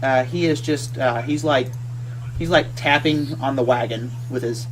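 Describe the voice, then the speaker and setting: A man narrating a tabletop game as game master, halting and full of restarts. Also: mid-range voice, a little hiss or hum, low-quality recording. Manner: halting, many fillers and restarts.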